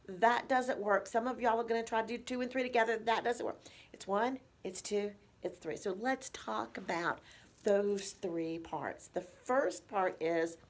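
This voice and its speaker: A woman, a nurse and educator teaching caregivers in a measured way with slow, emphatic pauses. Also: medium pitch.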